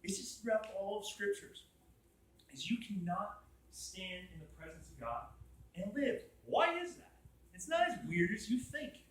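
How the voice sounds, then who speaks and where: Bright-voiced young man teaching in an echoey room. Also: high voice, measured pace. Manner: animated, acts out quotes, asks the room questions. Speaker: college group teacher. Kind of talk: casual Bible teaching to a group. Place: room with a group listening.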